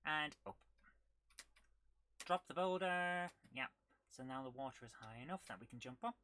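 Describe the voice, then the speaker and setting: A woman's voice: rumbling low, fast, sharp tone, slight background noise. A woman streaming a retro game live, chatting and thinking aloud as she plays and humming along to the game. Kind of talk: live gameplay commentary.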